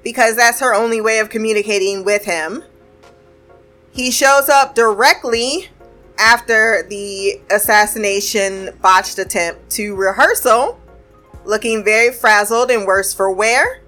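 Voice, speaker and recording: A woman's voice: medium pitch, a little slow, pushed and bright, soft background music. A woman casually recapping a TV episode. She talks in a chatty way, laughs often and swears freely.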